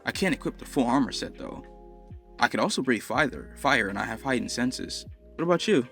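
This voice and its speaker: A man's voice: mid-range voice, lively intonation, fairly quick, gravelly, a bit bright, soft background music. A man voicing a nervous, earnest teenage boy hero who stammers eagerly.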